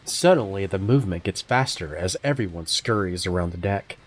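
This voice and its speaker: A man narrating as game master of a tabletop game, lively and quick to laugh. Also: deep voice.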